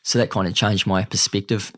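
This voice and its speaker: A young man with a New Zealand accent, a podcast guest telling a painful personal story in an earnest, halting way, often saying "mate". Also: fairly low pitch, little pitch movement, fairly bright tone, no echo, clean studio sound.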